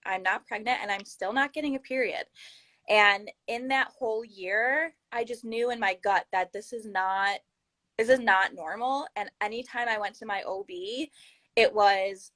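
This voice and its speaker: A woman in her thirties with a bright, forceful voice tells her own story as a podcast guest. She speaks earnestly and with feeling, and she acts out what others said to her. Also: mid-range voice, a little slow, poor audio. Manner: earnest, animated storytelling with acted-out quotes. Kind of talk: candid personal story in a podcast interview.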